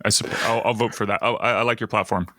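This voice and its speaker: A man's voice: fairly low pitch, fairly even intonation, fast talker, sharp tone, no echo. A man co-hosting a podcast in casual chat, often restarting his words and laughing along. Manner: stammering restarts, easy laughs, goofs along. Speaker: podcast co-host.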